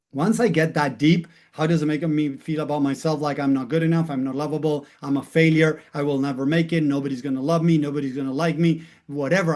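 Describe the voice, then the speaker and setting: A man's voice: on the high side, darkish tone. A middle-aged man, a life coach, telling a personal story in an earnest way and repeating words for emphasis.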